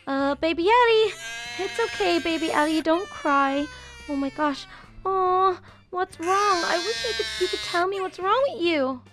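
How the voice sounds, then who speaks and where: A young woman narrating a game role-play in an animated, exclaiming, motherly way. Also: very high voice, normal speed, noisy background.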